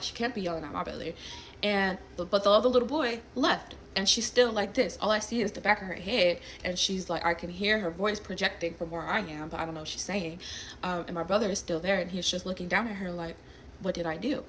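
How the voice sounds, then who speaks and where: A young woman casually telling a personal story to camera, animated and blunt, swearing freely. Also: mid-range voice, fairly quick, slight background noise. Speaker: storyteller recounting a personal incident.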